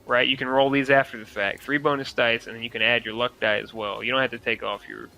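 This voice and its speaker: Game master, man, bright and forceful voice, excitable and profane. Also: mid-range voice, fast, gravelly, poor audio. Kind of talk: running a tabletop game.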